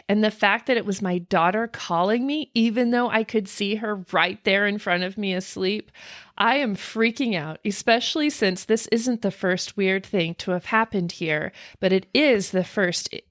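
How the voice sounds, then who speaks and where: A woman's voice: mid-range voice, no room sound. A woman co-hosting a paranormal podcast, telling creepy stories with real drama in her voice. She gasps, laughs and leans into every eerie moment. The sound is close and dry. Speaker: podcast co-host. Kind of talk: casual chat, reading listener stories. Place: home recording, remote from co-host.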